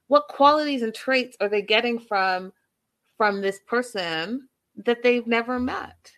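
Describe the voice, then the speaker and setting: A woman's voice: medium pitch, a bit bright. A woman giving casual, passionate commentary on a reality show, full of emphatic rhetorical questions.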